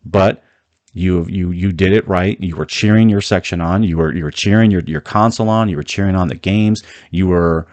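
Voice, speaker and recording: A man's voice: low voice, moderate pace, darkish tone, no room sound. A man hosting his own video commentary, talking in a heated, emphatic way with frequent restarts. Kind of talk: opinionated solo commentary.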